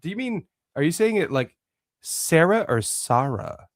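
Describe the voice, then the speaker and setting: A man's voice: sits high, very animated, quick pace, dry recording, studio quality. A man co-hosting a casual podcast, laughing easily and teasing the others. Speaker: podcast co-host. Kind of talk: casual chat.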